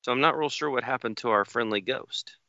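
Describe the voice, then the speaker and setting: A man casually telling a long story on a podcast, unhurried and folksy, acting out the other people in it. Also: medium pitch, pushed and bright, no echo. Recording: dull, slightly lo-fi dry studio sound.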